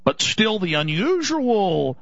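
A man's voice: sits high, big pitch swings, takes it slowly, creaky, no room sound. A man hosting a talk radio show, delivering an urgent, indignant monologue and slipping into mocking voices. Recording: dull lo-fi radio broadcast.

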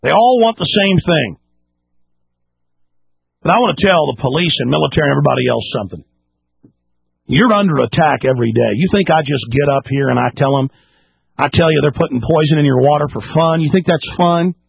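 A man hosting a talk radio show, delivering an angry, impassioned monologue with sudden leaps and drops in pitch. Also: lively intonation, a little fast, creaky, pauses often, slightly rough, no echo. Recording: dry, phone-like narrow band.

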